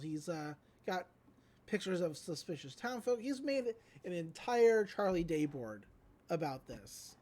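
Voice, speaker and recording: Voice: mid-range voice, expressive, measured pace, long pauses, darkish tone. A podcast host giving a casual, rambling recap of a cartoon episode, with lots of likes and ums.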